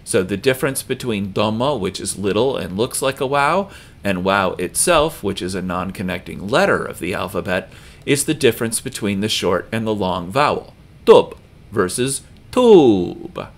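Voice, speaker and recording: A man with a fairly low voice teaches a video lesson. He speaks slowly and patiently and says each example word twice, louder and with heavy stress. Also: expressive. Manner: slow and patient, repeating example words with loud stress. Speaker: language teacher.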